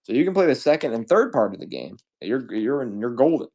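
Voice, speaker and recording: A man selling used games on a livestream, rambling casually with profane jokes and shout-outs to chat. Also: medium pitch, very animated, fairly quick. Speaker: live sale seller.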